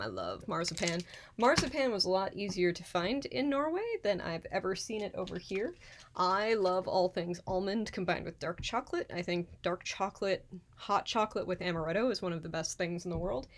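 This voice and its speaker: A woman hosts a live cooking stream from her apartment kitchen, talking in a loose, chatty, rambling way and greeting viewers by name. Her voice sits at a middle pitch. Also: slight background noise. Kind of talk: casual live-stream chat.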